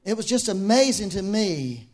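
A man preaching a sermon in a conversational, animated way, with asides and laughs. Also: sits high, moderate pace.

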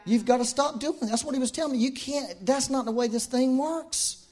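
A man preaching a sermon in a conversational, animated way, with asides and laughs. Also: extremely high pitch, fairly quick.

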